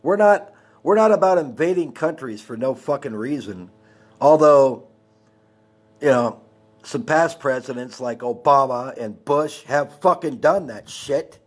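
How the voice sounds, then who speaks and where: A man's voice: mid-range voice, a little slow. A man in his forties from Texas, hosting a heated, profane rant on his live stream. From El Paso, Texas. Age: 40s. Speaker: livestream host.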